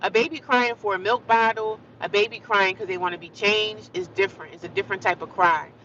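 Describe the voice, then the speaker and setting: A woman's voice: mid-range voice, fairly quick, a bit bright, lo-fi sound, slight background noise. A woman vlogging in a casual, rambling monologue, earnest and repetitive, with frequent asides to the viewer.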